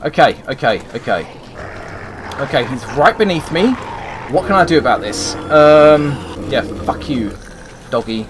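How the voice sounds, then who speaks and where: Guy freaking out over a zombie game, cursing nonstop, kinda high voice, noisy mic. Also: big pitch swings, measured pace. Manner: swears a lot, talks to himself while playing. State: panicking. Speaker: gameplay streamer. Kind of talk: panicked survival-game commentary.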